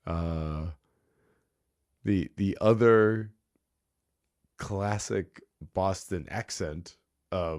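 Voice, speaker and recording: A man's voice: deep voice, darkish tone, dry recording, clean studio sound. A man hosting a casual solo podcast, telling an anecdote and laughing often as he goes. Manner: laughs often through the story. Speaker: podcast host. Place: small home bar.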